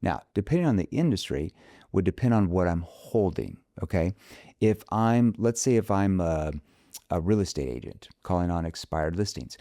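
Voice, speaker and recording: A low-voiced man with a lively, swooping delivery explains sales calls as a podcast guest. His tone is warm and mellow, and the sound is dry and close. He is emphatic and breaks into sample phone calls in a bright, upbeat voice. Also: normal speed, no room sound. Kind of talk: podcast interview.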